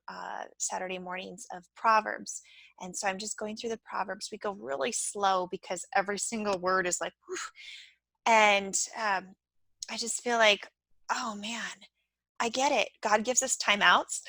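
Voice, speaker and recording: A woman hosting a casual interview, her voice bright and forward. She tells stories with playful quoted asides, recorded dry with no room sound around her. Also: a little high, dry recording, low-quality recording. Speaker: host.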